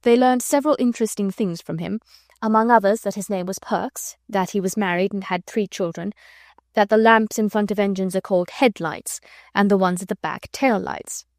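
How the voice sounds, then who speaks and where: A woman's voice: medium pitch, normal speed, no room sound. Woman reading a storybook aloud, dry. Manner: gentle storytelling, voicing children and adults lightly. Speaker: audiobook narrator. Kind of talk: scripted narration.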